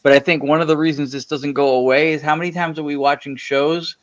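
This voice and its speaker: A man's voice: fairly high pitch, flat delivery, quick pace, lo-fi sound. A man, a paranormal investigator, ranting with rhetorical questions in a casual video call chat.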